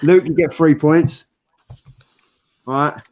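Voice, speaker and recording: A man's voice: fairly high pitch, steady tone, slow pace, a little mellow. A man hosting a casual group video call, laughing and joking as he runs a drawing game and hands out points. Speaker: host.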